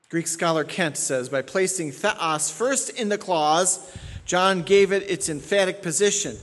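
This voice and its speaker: Male pastor, higher-pitched voice, emphatic teaching delivery, long hall reverb. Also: a little slow. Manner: emphatic, repeats key points for stress. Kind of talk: expository sermon.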